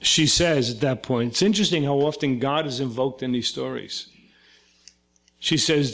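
A man's voice: medium pitch, normal speed, a bit bright. An older man from Brooklyn, a psychoanalyst giving a talk and retelling a story, acting out the quoted voices. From Brooklyn, New York. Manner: conversational, acts out quoted voices. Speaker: psychoanalyst lecturer.

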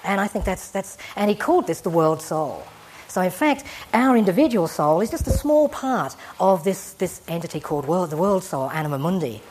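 A woman giving an evening public lecture to an audience, discursive and gently humorous in a wry way. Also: fairly low pitch, sing-song, moderate pace, slight background noise. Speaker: guest lecturer.

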